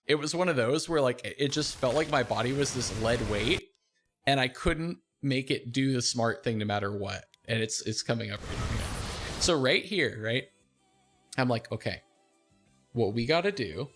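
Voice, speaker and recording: A young man streaming, casually talking through a replay of his own game, animated and self-deprecating, laughing often. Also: medium pitch, normal speed, faint music behind.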